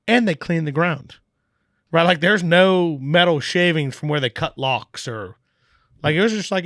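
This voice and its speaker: A man's voice: on the high side, fairly quick, dry recording, studio quality. A man telling a long story in casual podcast talk, acting out the voices of people he quotes and swearing casually. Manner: animated, acts out quoted dialogue, swears casually. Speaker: podcast guest, brewery owner.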